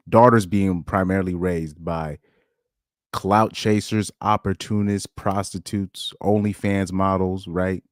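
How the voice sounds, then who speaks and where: A man hosting a podcast, reacting to screenshots in a rambling, animated way, often laughing and jumping up in pitch when amazed. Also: dry recording, clean studio sound. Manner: rambling, with frequent restarts. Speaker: podcast host. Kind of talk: casual commentary reading screenshots.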